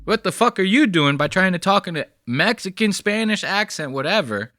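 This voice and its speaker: A man's voice: high voice, animated, moderate pace, noisy background. A man hosting his own channel, reacting to clips in a heated, profane, sarcastic rant. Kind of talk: casual commentary rant.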